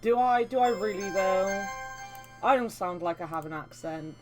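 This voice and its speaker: English woman streaming a game; playful, indignant teasing, mid-pitched voice over soft game music. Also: normal speed. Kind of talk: casual chat while playing a game.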